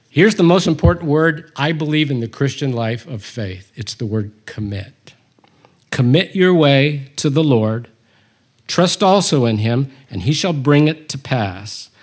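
A man teaching a Bible study, reading scripture aloud and commenting on it with humor. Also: medium pitch.

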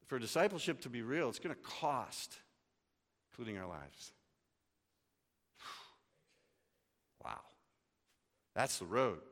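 Male pastor, sermon delivery, hushed-to-loud swings, long church reverb. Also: mid-range voice, big pitch swings, takes it slowly, pauses often.

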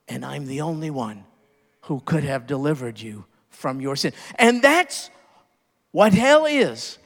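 A pastor delivers his sermon in a high, animated voice that swings widely in pitch. He presses hard on some phrases and lets others fall low and quiet. His voice carries with the long reverb of a church sanctuary. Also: a little slow, vocal fry. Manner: preaching with swelling emphasis, dropping low and soft on key words.

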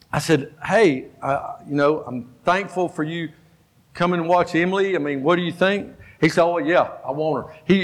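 Man in his fifties, pastor preaching, high voice, lots of reverb from the church hall; animated storyteller. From Georgia, US. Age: 50s. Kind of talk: sermon. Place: church sanctuary.

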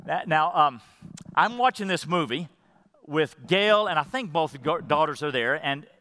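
A middle-aged man preaching a sermon as pastor, earnest and heartfelt, often dropping to a soft, quiet voice when moved. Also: fairly high pitch, lively intonation, a little slow, long reverb tail.

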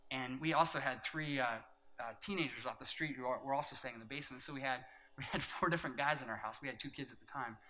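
A middle-aged man, a pastor, telling a personal story in a sermon, earnest and hushed in the story and emphatic when he preaches. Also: mid-range voice, fast talker, a crowd in the background, poor audio.

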